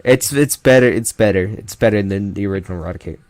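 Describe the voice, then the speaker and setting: A man's voice: lowish voice, fast talker, a little mellow, no room sound. A man giving casual, jokey commentary while ranking game characters, often trailing off mid-sentence. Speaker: YouTuber ranking Pokémon.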